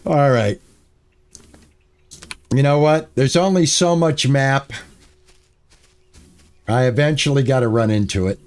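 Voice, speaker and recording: A man's voice: mid-range voice, takes it slowly, long pauses, a little mellow. A man streaming a game, chatting with his viewers and easily exasperated as he plays. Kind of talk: casual gameplay commentary.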